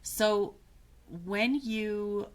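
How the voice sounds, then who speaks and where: A woman guest on a coaching podcast, talking in a reflective way and often pausing to find her words. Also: medium pitch, steady tone. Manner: thoughtful, searching for words, restarts mid-phrase.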